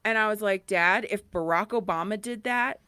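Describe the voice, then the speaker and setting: Female podcast co-host, mid-pitched, lively storyteller who acts out dialogue, dry close recording. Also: moderate pace, clear, resonant tone, dry recording. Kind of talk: casual chat.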